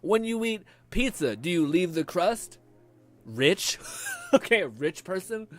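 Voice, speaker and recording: Young male streamer, animated, rambling chat, a little high, music bed underneath. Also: a little slow. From Canada. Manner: rambling, laughing, swearing, animated. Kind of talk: casual chat reading viewer comments.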